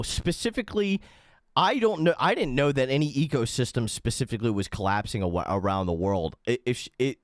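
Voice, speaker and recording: A man's voice: medium pitch, no echo, clean studio sound. A man giving a heated, profane reaction commentary as the host of an online show. He swears constantly and stammers and restarts when he gets worked up.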